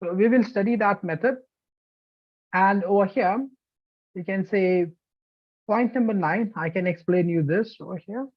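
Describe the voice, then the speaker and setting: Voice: medium pitch, a little slow, pauses often. Indian English instructor on a muffled call. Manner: keeps checking in with "okay?" and "you know". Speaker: TEFL course instructor. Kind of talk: live online demo lesson. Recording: dull lo-fi online class audio.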